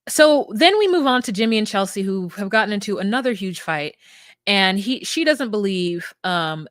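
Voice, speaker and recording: A woman co-hosting a podcast, chatting casually and breaking into mock voices when she quotes people. Her voice sits at a middle pitch, recorded close and dry with no room sound. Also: fairly bright tone, dry recording. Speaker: podcast co-host. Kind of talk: casual recap chat.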